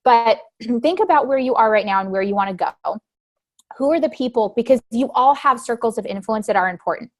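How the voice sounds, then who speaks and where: A woman in her thirties telling a team meeting a motivational story from her own life, acting out her past panic in lively bursts. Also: a little high, a little fast. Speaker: motivational speaker.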